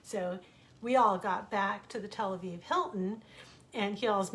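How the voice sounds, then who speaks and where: A woman's voice: medium pitch, a little slow, fairly bright tone. A middle-aged American woman telling stories from home in a casual, chatty way, acting out the voices of the people she quotes. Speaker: author reading stories online. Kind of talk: casual storytelling.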